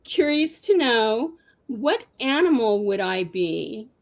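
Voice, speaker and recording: A woman calling in to a talk show, with a high and lively voice. She speaks slowly, in a dry and amused way, and laughs often. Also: vocal fry. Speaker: caller. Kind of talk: casual call-in chat.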